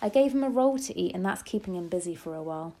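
A woman voicing a calm, loving old grandmother who speaks in a soft whisper, in a storybook reading. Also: lowish voice, fast talker. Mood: reassuring. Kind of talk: storybook read-aloud.

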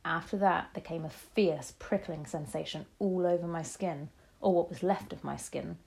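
A woman narrating a children's story in the first person, dramatic and expressive. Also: on the low side, creaky. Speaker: audiobook narrator.

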